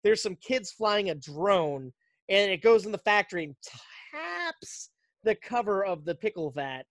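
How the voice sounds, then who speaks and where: A podcast host tells a film's story in a loose, animated way, now and then dropping into little voices for the characters. The voice sits at an ordinary pitch and is recorded close and dry, with almost no room sound. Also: measured pace, dry recording. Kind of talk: casual movie recap.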